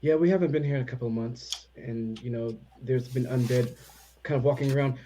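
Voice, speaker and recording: A man's voice: mid-range voice, a little fast, warm tone, a little hiss or hum. A man playing his character in a tabletop game, hesitant and playful, slipping in and out of character. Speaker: player. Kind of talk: tabletop role-play, in and out of character.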